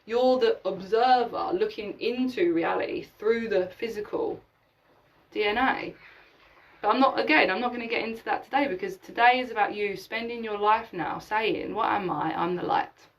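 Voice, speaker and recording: A woman's voice: mid-range voice, moderate pace, recorded from a distance, rough recording. A woman hosting a live spiritual session, talking emphatically, swearing casually and acting out imagined conversations. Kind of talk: live-streamed spiritual talk.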